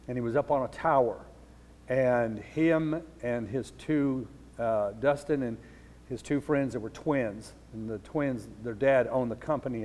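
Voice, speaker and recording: A middle-aged pastor earnestly tells a story in his sermon, letting his voice drop low and soft at the sad parts. The sound has a long reverb tail.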